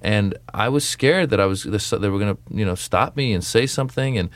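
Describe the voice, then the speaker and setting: A man's voice: on the low side, a little fast, no room sound. A young adult man, a comedian, telling stories and acting out his stand-up jokes in a radio interview. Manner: animated storytelling, acts out jokes. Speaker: comedian guest.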